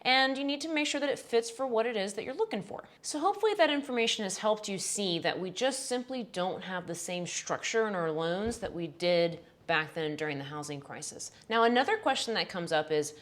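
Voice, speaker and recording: A woman's voice: medium pitch, lively intonation, a little fast, hardly any pauses. A woman real estate vlogger with a Texan accent, talking casually to camera and explaining with informal asides and fillers.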